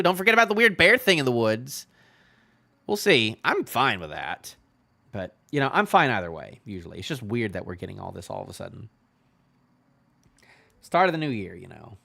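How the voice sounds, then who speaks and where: A man hosting a reaction video in casual solo commentary, rambling and filling his talk with "you know", often trailing off in a low-key way. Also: big pitch swings, moderate pace, vocal fry, sharp tone. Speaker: manga reaction channel host.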